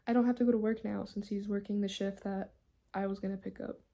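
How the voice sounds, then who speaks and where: A woman's voice: mid-range voice, level tone, fast, creaky, dark tone. A young woman chatting at home in a casual vlog, anxious and rambling. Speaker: vlogger.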